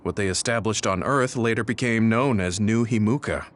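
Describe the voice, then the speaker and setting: An actor playing a serious, composed man who speaks in a grave, measured way in a game cutscene. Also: lowish voice, close to an everyday voice.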